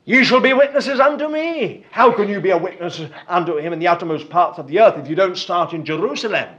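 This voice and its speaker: A man's voice: high voice, lively intonation, brisk, a bit bright. A man preaching a sermon, emphatic and fond of repeating words for stress. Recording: dull lo-fi recording.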